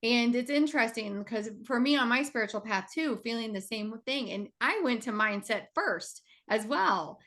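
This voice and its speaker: A woman's voice: a little high, animated, normal speed, hardly any pauses, a bit bright. A woman hosting a casual interview, encouraging her guest with frequent affirmations. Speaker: host.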